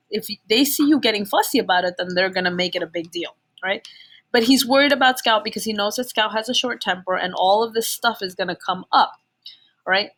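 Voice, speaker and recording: A woman's voice: mid-range voice, fairly bright tone. A woman teacher giving a casual chapter summary, chatty and full of fillers, often checking in with "okay?".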